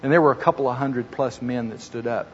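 A man's voice: mid-range voice, steady tone, fairly quick. A middle-aged man preaching a sermon, earnest and building to emphatic, repeated phrases. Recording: muffled hall recording with long reverb.

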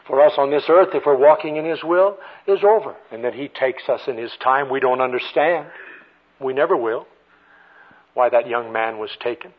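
An older man preaching a sermon with storytelling, moving between ringing emphasis and hushed passages. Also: on the high side, moderate pace. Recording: tinny phone-like radio broadcast.

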